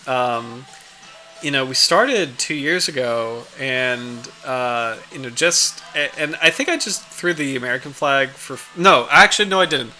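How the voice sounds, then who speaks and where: A man with a slightly high, pushed, bright voice hosts a casual livestream, reading out a study and chatting with viewers. He rambles, with many fillers and restarts.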